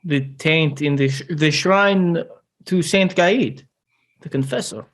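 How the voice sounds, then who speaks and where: A man at a tabletop game who plays a devout priest, speaking in a measured, solemn way. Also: a little high, fairly bright tone. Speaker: player. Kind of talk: tabletop role-play.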